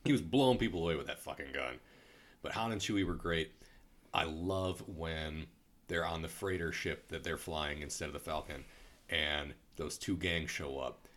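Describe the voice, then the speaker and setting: A man's voice: rumbling low, moderate pace, a bit bright. A man chatting casually about a movie he liked, swearing freely and acting out quotes. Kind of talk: casual movie review chat.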